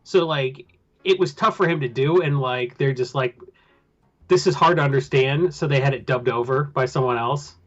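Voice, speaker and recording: A man's voice: medium pitch, fairly even intonation, normal speed, lo-fi sound. A man chatting casually about a film as a podcast host, rambling with lots of filler. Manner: rambling, loose with filler words. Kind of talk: casual chat.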